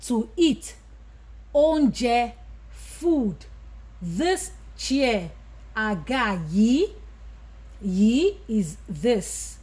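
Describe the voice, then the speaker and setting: A woman's voice: a little high, a little mellow, breathy edge. A woman with a Yoruba accent, teaching a language lesson, who says each Yoruba word and then gives its English meaning. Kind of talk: slow vocabulary lesson.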